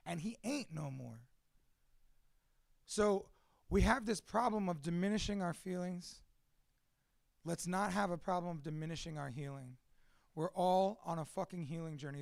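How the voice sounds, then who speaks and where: Man with a high, gravelly voice and dry sound; blunt, profane, animated live talk to an audience. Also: no room sound. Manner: swears constantly, blunt and animated. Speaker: speaker at a live storytelling event.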